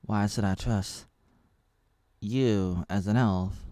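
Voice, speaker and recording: A gruff dwarf king scolds in a loud, blunt voice, as a man puts him on. The voice sits fairly low, and the recording is dry and close. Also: steady tone, takes it slowly, no room sound. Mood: stern. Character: gruff older male dwarf king, stern and distrustful.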